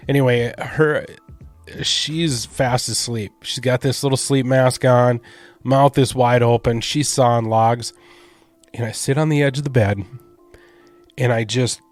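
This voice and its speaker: A middle-aged man hosting a podcast, telling a casual, rambling personal story and swearing now and then, with faint music behind him. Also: mid-range voice. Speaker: podcast host.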